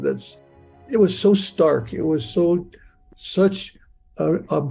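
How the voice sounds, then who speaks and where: A man's voice: on the high side, creaky, warm tone. An older man telling a personal story in the present tense, stammering and repeating words as he goes. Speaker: near-death experience storyteller.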